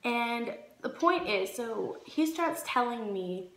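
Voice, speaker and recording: A young woman in her twenties telling a casual story-time vlog, animated and acting out the quotes. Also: on the high side, slow. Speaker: vlogger. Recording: echoey room with faint music.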